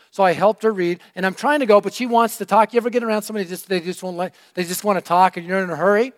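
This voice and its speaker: A middle-aged male preacher telling a story in a sermon, energetic and animated, swinging from loud to hushed. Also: high-pitched, racing, hardly any pauses. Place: church room.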